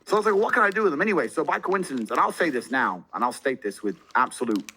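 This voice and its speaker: Fast-talking brash, boastful man. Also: fairly high pitch, husky, rough recording. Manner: brash and boastful, heavy swearing; animated, jumps into loud excited bursts. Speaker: podcast guest. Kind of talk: casual storytelling.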